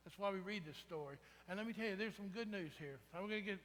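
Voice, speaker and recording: A man's voice: high voice, quick pace, fairly bright tone, slight background noise. A man preaching a sermon in a conversational way, often asking the congregation "right?". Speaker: pastor. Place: church sanctuary. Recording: reverberant church sanctuary.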